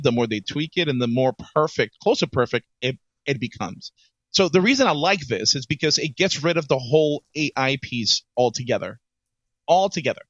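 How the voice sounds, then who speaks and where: A man co-hosting a casual podcast chat as an HR professional, animated and repeating his words as he starts each thought. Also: fairly high pitch, dry recording. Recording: dull, slightly lo-fi dry sound.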